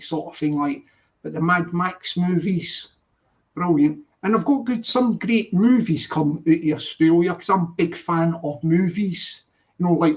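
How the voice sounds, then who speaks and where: A rambling, upbeat man hosting a casual morning live stream. His voice sits high, and he greets viewers over and over in a sing-song lilt. The sound is dull and lo-fi.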